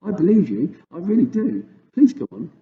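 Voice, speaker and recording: A man's voice: high-pitched, big pitch swings, a little fast, distant mic, phone-quality sound, pitched above the performer's own voice. A man voicing a curious little girl who asks eager, wide-eyed questions.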